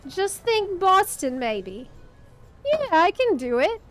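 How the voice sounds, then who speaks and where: Soft music runs in the background as a high-voiced woman talks casually with teammates while gaming on stream. Her pace is unhurried, and her playful manner comes through in frequent giggles.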